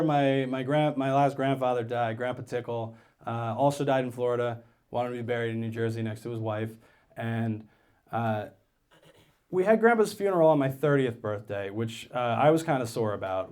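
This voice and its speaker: A man's voice: medium pitch, expressive, normal speed, a little mellow. A man in his thirties doing stand-up comedy on stage, telling a story in a conversational way and quoting people as he goes. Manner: conversational storytelling with quoted asides.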